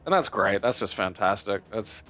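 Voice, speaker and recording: A man's voice: lowish voice, expressive, normal speed, fairly bright tone, soft background music. A man co-hosting a gaming video, telling a long story in casual chat and swearing often as he plays. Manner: rambling, profane storytelling. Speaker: co-host of a gaming channel. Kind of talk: casual chat while playing a game.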